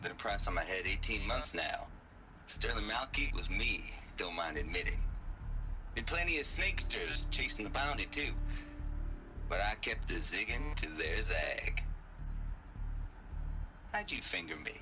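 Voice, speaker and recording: A smooth-talking Southern fugitive in a video game, drawling his words with a lively, swooping delivery and a low voice. Game music plays under his lines. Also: unhurried, long pauses. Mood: laid-back. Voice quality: drawling, folksy turns of phrase. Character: smooth-talking Southern male fugitive, wry and laid-back. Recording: game audio with music behind.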